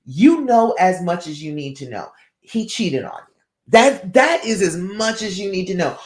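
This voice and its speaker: A woman's voice: on the low side, expressive, moderate pace, darkish tone. A woman relationship coach giving direct advice on a live stream, often checking in with her listeners. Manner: direct, keeps checking in with "all right?". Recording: roomy echo.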